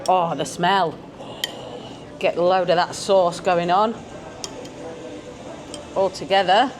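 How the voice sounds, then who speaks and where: Speaking in a fairly low, steady voice, this food vlogger takes things slowly while tasting tapas at a beachfront restaurant. A busy crowd fills the background as she chats casually and hums approval at each bite.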